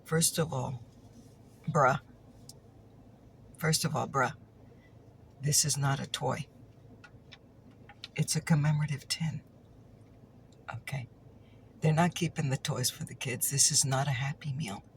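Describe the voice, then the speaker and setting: Gravelly-voiced woman in ASMR storytime chat. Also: very deep voice, fairly even intonation, unhurried, pauses often, slight background noise. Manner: chatty and teasing, repeats punchlines, drifts into whispers.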